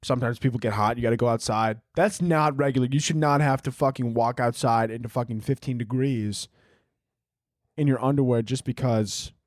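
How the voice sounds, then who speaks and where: A man's voice: medium pitch, fairly quick, a little mellow, no room sound, clean studio sound. A young man hosting a solo podcast late at night, rambling, swearing a lot and riffing goofily. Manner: rambling, profane, goofy riffing. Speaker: podcast host. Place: room at home, late night.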